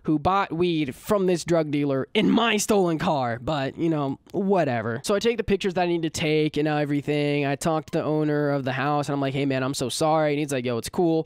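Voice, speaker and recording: Young male storyteller, slangy and animated, higher voice, dry close sound. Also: brisk, few pauses, clear, resonant tone, no echo. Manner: animated, slangy, laughs at his own bad luck. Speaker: storytelling YouTuber. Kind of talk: casual storytime vlog.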